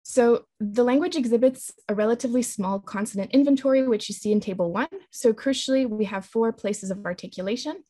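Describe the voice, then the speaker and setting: A woman presenting a linguistics talk with slides, explaining in a measured way with frequent ums and restarts. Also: a little high, mellow, no room sound.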